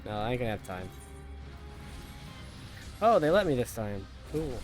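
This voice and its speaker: A man's voice: mid-range voice, very animated, normal speed, over music. Joking man commenting on gameplay. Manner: joking, crude, talks over game cutscenes. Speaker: streamer.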